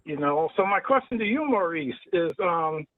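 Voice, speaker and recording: A man's voice: fairly high pitch, animated, normal speed, dry recording. A man in an open mic video call who asks a long, thoughtful question, rambling and restarting often. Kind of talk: casual chat on a video call. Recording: tinny dry phone-like call audio.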